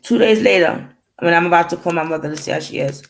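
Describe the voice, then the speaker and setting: Woman with a gravelly creaky voice, rambling emotional story, acts out what people said. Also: fairly low pitch, fast, poor audio. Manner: rambling, acts out dialogue, fighting back tears. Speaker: vlogger telling a family story.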